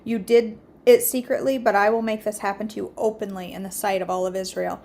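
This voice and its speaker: A woman hosting a daily devotional reads scripture aloud at an average pitch for a woman. Her reading is steady and earnest, with small slips that she corrects as she goes. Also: a little fast, creaky. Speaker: devotional host.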